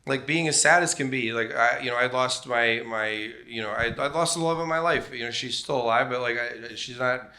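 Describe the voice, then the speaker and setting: A middle-aged man tells rambling, self-deprecating stories on a comedy club stage. His voice is bright and clear at a mid pitch, and he slips into animated voices whenever he quotes someone. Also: brisk, few pauses. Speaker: comedian guest. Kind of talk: on-stage comedic storytelling interview.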